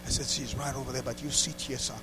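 A man preaching a sermon through a story, dropping to hushed asides and rising to loud exclamations. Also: mid-range voice, little pitch movement, fast talker, background noise. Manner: laughs between lines.

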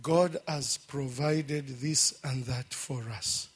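Slow, fervent middle-aged man testifying in church. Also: mid-range voice, steady tone, husky. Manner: fervent, breaks into praise exclamations; emotional, slow and halting. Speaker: church member giving testimony. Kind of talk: emotional church testimony and prayer. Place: church service.

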